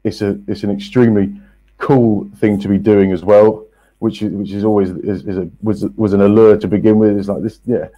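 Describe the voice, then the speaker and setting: A man, a podcast guest, telling his story in a casual, halting way with many restarts and fillers. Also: fairly low pitch, little pitch movement, warm tone, lo-fi sound. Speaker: guest, company co-founder.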